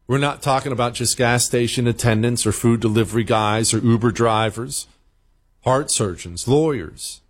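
A man hosting a talk show, telling stories in an animated way, with emphatic, repetitive phrasing and playful beeping sound effects. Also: mid-range voice, normal speed. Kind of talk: radio talk monologue.

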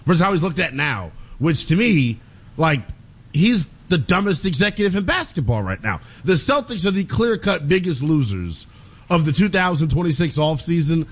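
Lively high-pitched sports radio host. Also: male voice, husky. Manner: animated, quick opinions, laughs easily. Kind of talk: sports talk radio banter.

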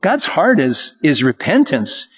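A man preaching a sermon who reads scripture slowly and then builds to emphatic repetition. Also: a little high, wildly swooping pitch, fairly bright tone, slightly rough.

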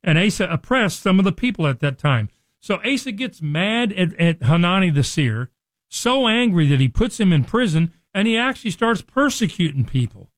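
A man with a slightly high voice teaches scripture on a radio program. He speaks earnestly and conversationally. The sound is dry and close, with no room echo. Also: big pitch swings, moderate pace. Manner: earnest, acts out quoted speech with rising emphasis.

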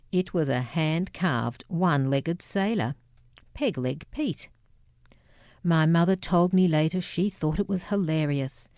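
A woman with an Australian accent reading her memoir aloud in a measured, reflective way. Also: deep voice, mellow, no echo, clean studio sound. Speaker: memoir narrator. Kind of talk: scripted memoir narration.

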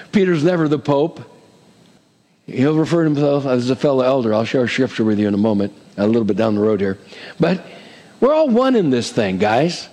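A middle-aged man preaching a sermon as pastor, emphatic and lively, with touches of humor. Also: mid-range voice, moderate pace, long pauses, in a large hall.

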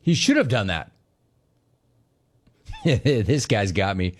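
A man's voice: on the low side, animated, slow, long pauses. A middle-aged man hosting sports talk radio, needling listeners with sarcastic riffs and reading chat comments aloud. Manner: sarcastic, needling, laughing at callers.

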